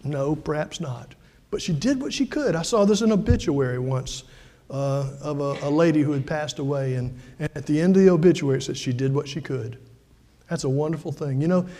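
An older male pastor gives a folksy, conversational sermon, tossing in asides and questions to the congregation. His voice sits fairly high but has a dark, mellow tone. It carries a long echo through a large church hall.

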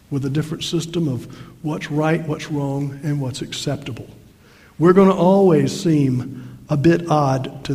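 A man's voice: on the high side, dark tone. An older man preaching a sermon, telling homely stories with a folksy, self-deprecating humor. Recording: long reverb of a large hall.

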